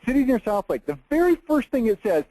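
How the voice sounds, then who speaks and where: A man's voice: extremely high pitch, big pitch swings, a little fast, mellow, dry recording, poor audio. A man, giving a blunt, emphatic marketing webinar with an exasperated edge. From Texas. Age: 40s. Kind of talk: webinar presentation over screen share.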